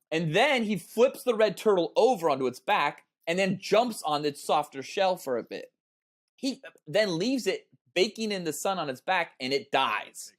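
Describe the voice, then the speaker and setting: A man's voice: on the high side, big pitch swings, normal speed. A man in his thirties co-hosting a casual podcast, telling a long story in a rambling way with lots of ums and uhs. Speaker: podcast co-host.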